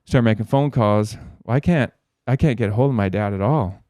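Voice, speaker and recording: A man's voice: on the low side, normal speed, warm tone, no echo, studio quality. A man as a podcast guest, telling a long story in a rambling way, swearing a lot. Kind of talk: casual storytelling.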